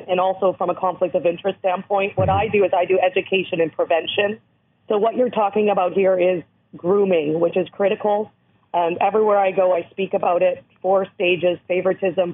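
A woman from Canada with a hoarse voice, speaking earnestly as an interview guest who educates on abuse prevention. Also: on the low side. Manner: earnest, emphatic, explanatory. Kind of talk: interview over the phone. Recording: tinny phone line.

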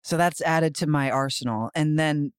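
A man's voice: fairly high pitch, normal speed, clear, resonant tone, no echo, studio quality. A man co-hosting a podcast in casual chat, playful and rambling, teasing his co-host.

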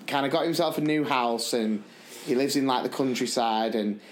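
A man co-hosting a podcast, telling anecdotes in casual chat, animated and laughing often as he acts out what people said. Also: mid-range voice, normal speed. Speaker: podcast co-host.

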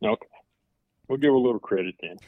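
A man's voice: mid-range voice, fast talker, no room sound. A man with a West Texas accent, calling in to a podcast and chatting in an easygoing, slightly hesitant way. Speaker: caller. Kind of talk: casual interview chat. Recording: dull lo-fi line.

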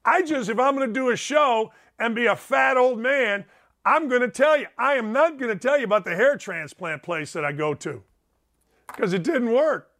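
Man, middle-aged, very high voice, sports talk host, sarcastic rants, home studio. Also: animated, moderate pace, a bit bright. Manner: emphatic, digressive, sarcastic. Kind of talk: ranting sports talk monologue.

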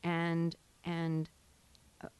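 Older woman, Boston accent, low-pitched, chatty storyteller, casual talk. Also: very slow, clean tone. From Massachusetts. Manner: chatty, animated storyteller, trails off and restarts. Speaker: guest. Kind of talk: casual chat.

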